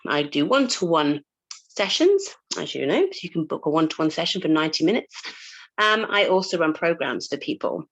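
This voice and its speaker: A woman's voice: mid-range voice, big pitch swings, normal speed, a bit bright, poor audio. Chatty woman coach rambling to a group, laughs a lot, swears casually, lots of ums. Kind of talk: casual talk to a live group.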